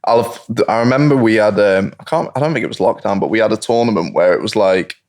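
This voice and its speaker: A low-voiced man in easygoing conversation, rambling through stories with the odd laugh. His voice sits a bit lower than most men's, and he talks in a relaxed, unhurried way. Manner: laid-back storyteller, laughs while telling stories. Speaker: guest, professional footballer. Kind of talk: casual chat.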